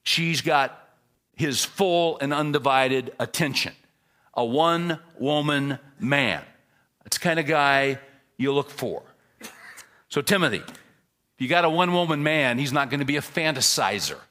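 A man preaching a sermon as a pastor, telling stories with emphatic bursts and quiet asides. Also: medium pitch, a little slow. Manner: animated storyteller, swings from loud emphasis to quiet asides.

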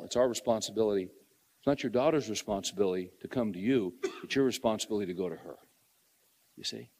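A man's voice: medium pitch, a little mellow, long reverb tail. A middle-aged man preaching a sermon in an earnest, conversational way, repeating phrases for emphasis.

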